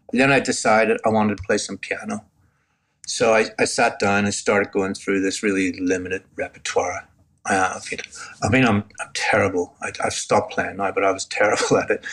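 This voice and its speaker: With a fairly low but fairly bright voice, an older man with a Northern Irish accent recounts his personal testimony as a guest in an interview. He is earnest and reflective, and he restarts often as he tells it.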